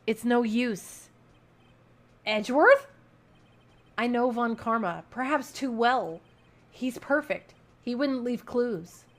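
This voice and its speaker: A woman voicing a serious young male prosecutor from a game, calm and even. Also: a little high, slow pace, long pauses. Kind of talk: reading game dialogue aloud.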